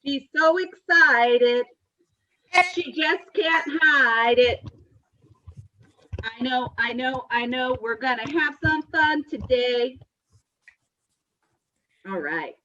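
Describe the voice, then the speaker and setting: A woman's voice: high-pitched, lively intonation, takes it slowly, long pauses, sharp tone, highs cut off. A woman hosting a school assembly, playful and teasing, with sing-song greetings.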